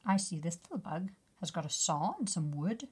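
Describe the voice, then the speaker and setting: A woman reading a picture book aloud to children as their teacher, gently asking them questions about the pictures. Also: on the low side, lively intonation, moderate pace, breathy edge. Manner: gentle, asks the listener questions.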